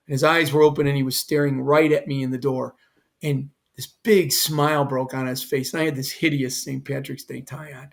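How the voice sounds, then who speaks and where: A man's voice: mid-range voice, flat delivery, moderate pace, vocal fry. An older man, a former fire chief, telling an emotional personal story in earnest detail as a podcast guest. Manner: earnest, quotes others in his own voice.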